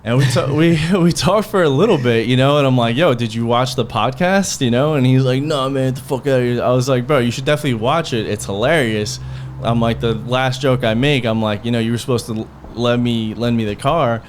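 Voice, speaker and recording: A man's voice: medium pitch, brisk, a little hiss or hum. A man hosting a podcast, telling a heated personal story in a rambling, profane way, full of quoted back-and-forth. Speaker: podcast host. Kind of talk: casual storytelling.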